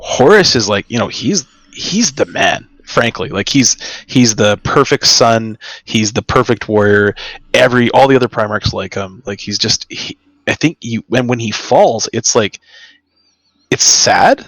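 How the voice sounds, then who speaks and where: A man co-hosting a casual podcast about novels. He speaks haltingly and leans on fillers like "like". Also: mid-range voice, expressive, fairly bright tone, no echo, poor audio. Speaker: podcast co-host. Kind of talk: casual book discussion.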